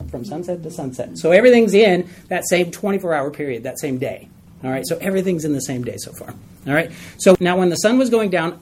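Give me a man leading a Bible study, relaxed and talkative, with faint background noise. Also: on the high side. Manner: conversational, asks the group questions, tells stories with laughs.

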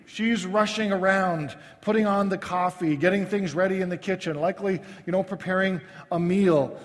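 High-voiced male pastor preaching casually. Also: in a large hall. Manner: conversational, self-deprecating, halting restarts. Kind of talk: sermon.

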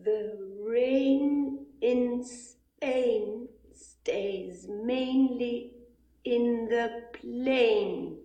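A worn-out young Cockney woman from an old film, high-pitched and extremely slow, every word dragged out under strain. The sound is muffled and roomy. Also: mellow. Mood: careful. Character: exhausted young working-class woman under drilling.

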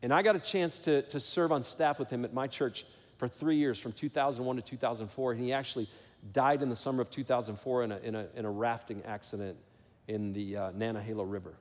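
Middle-aged pastor guy preaching, earnest, gets loud and pushy, big echoey church. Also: mid-range voice, fairly even intonation, fast. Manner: earnest storytelling preacher, rising to emphatic exhortation. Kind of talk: sermon.

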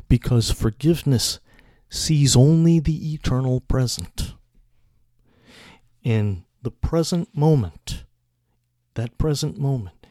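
Man, preacher, measured sermon, very slow pace, dry close sound. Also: mid-range voice, warm tone, dry recording. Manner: measured, deliberate.

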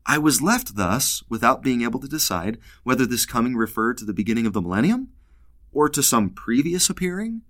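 A man's voice: mid-range voice, a bit bright. A man giving a casual scripture lesson, playful and humorous, acting out bits of dialogue. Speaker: scripture teacher.

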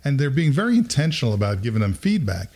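A middle-aged man hosting a podcast, telling a story in a casual, animated way and acting out quotes with bursts of laughter. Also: mid-range voice, quick pace, slightly rough. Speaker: podcast host.

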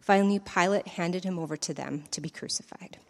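A woman reading the creed and scripture aloud in church at a measured, deliberate pace. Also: fairly low pitch, gravelly, long reverb tail. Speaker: lay scripture reader.

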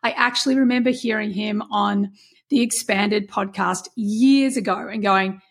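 Woman podcast host, gushing and emphatic, husky edge to the voice. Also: medium pitch, a little slow. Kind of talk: podcast intro and interview.

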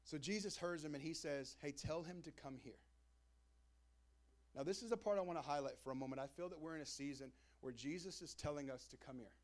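A man's voice: fairly high pitch, fast, few pauses. A young man preaching a sermon as the pastor, in a casual, conversational way with slangy asides. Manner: casual preaching, acts out crowd and Jesus in quoted voices.

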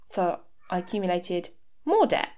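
Speaking at a measured pace in a slightly mellow mid-range voice, a woman in her thirties hosts a podcast from a home mic. She gets frank about her personal life and tosses in dry, sarcastic comments.

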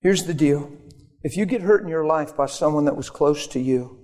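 An earnest preacher delivers a sermon in a plain, conversational way. His voice sits a bit high for a man and springs into high mock voices now and then. The sound rings with the long reverb of a church sanctuary. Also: normal speed, a little mellow.

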